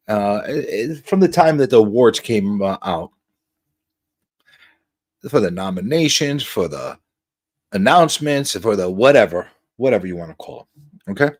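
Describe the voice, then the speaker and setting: Lively joking man hosting a livestream. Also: lowish voice. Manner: animated, joking, swears freely. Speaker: livestream talk show host. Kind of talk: casual livestream chat.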